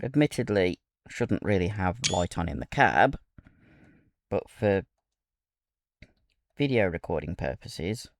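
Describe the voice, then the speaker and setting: A man giving relaxed, musing commentary while playing a train simulator, talking to himself between pauses. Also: low-pitched, no room sound, studio quality. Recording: loud game engine and rail noise over the voice. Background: loud simulated locomotive and ambient game sounds.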